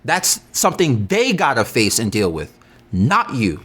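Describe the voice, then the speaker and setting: A man hosting a podcast, talking to his listeners in a heated monologue. He is agitated, swinging between loud outbursts and slow preaching. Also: mid-range voice, wildly swooping pitch, breathy edge. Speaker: podcast host.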